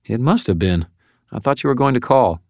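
A man voicing a wry, capable young woman wizard who teases lightly and sounds amused, speaking well above his own pitch. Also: lively intonation, fairly quick, creaky, dry recording, studio quality. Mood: teasing.

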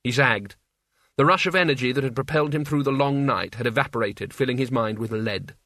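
A man narrating a story in an even, measured reading voice. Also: medium pitch, dry recording, studio quality. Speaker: audiobook narrator. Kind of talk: scripted narration.

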